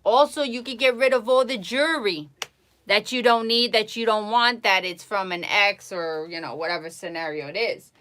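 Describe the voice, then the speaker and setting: A woman's voice: mid-range voice, normal speed, pushed and bright. A woman talking casually on a live stream, giving blunt, emphatic advice and repeating herself for emphasis. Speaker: psychic livestreamer.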